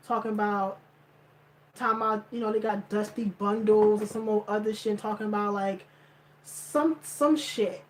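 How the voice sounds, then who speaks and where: A woman's voice: medium pitch, fairly even intonation, brisk, low-quality recording. A woman vlogger ranting in blunt, profane commentary, repeating her points for emphasis. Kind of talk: heated commentary rant.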